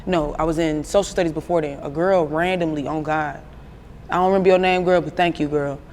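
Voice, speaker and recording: A woman's voice: low-pitched, a little fast, slight background noise. A woman in her twenties with an Atlanta accent, telling stories bluntly and profanely as an interview guest. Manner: blunt, profane, animated storyteller. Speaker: rapper guest. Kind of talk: casual interview storytelling.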